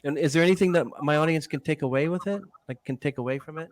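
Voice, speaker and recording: A man's voice: a little high, fast, no echo. A man hosting a podcast, asking long, rambling interview questions that often restart. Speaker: podcast host.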